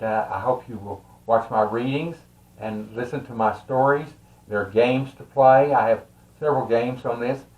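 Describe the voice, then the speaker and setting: An older man with a Texas accent tells a family story in a casual, rambling way, with many fillers and soft chuckles. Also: medium pitch, narrow, tinny audio. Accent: Texan. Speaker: storyteller and tarot reader. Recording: roomy echo.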